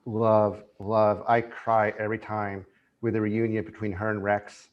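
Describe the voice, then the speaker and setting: A man as a podcast guest in casual chat, speaking with excited, emotional enthusiasm. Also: fairly low pitch, a little slow, muffled recording. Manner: emotional, excited fan, animated retelling.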